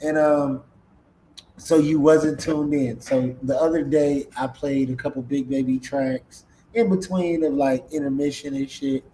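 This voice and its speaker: A man's voice: mid-range voice, steady tone, measured pace, mellow, a little hiss or hum, low-quality recording. A man hosting a casual live-stream podcast in a laid-back way, often repeating his words. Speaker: podcast host.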